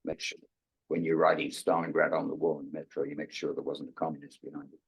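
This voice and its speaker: A man's voice: fast, gravelly, husky, low-quality recording. An older man from England, a musician guest in an interview, telling stories and acting out the dialogue of the people in them. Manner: animated storyteller, acts out quoted dialogue with big pitch jumps. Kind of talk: casual storytelling interview.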